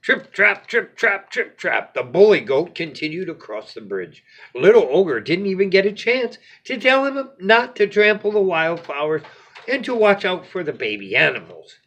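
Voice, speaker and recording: Animated man reading a bedtime story. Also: high-pitched, moderate pace, dull audio. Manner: animated, playful.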